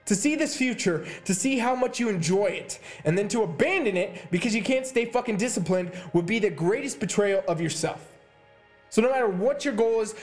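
Male fitness coach, podcast host; high voice, heated, profane, repetitive motivational push. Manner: fired-up, swearing, hammering repetition. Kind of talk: intense motivational podcast monologue.

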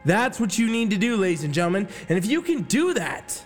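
A man's voice: high-pitched, sing-song, fairly quick. A man giving an intense, profane motivational rant about competing with yourself. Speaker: fitness motivational speaker. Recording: long reverb with faint music behind.

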